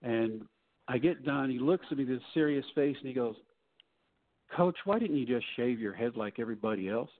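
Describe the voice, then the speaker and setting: A middle-aged man with a mid-range voice speaks at normal speed as a podcast guest, telling his story in a folksy way and acting out the people he quotes. The line sounds tinny, like a phone.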